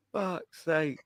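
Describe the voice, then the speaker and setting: A man's voice: on the high side, bright, forceful tone, no room sound, clean studio sound. A young man joking crudely with his co-host in a casual podcast chat. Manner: crude, jokey banter.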